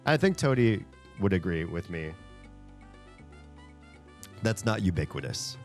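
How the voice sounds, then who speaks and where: Casting: male streamer, very low voice, loose rambling chat over a game, faint music underneath. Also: expressive, a little slow, pauses often. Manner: rambling, thinks aloud, chuckles often. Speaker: streamer playing a rhythm game. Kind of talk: casual chat while gaming.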